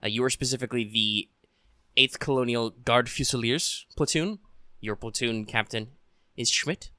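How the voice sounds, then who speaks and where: Bright-voiced male game master. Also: mid-range voice, moderate pace, no room sound, studio quality. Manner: relaxed and joking, with many fillers. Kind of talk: casual tabletop game narration.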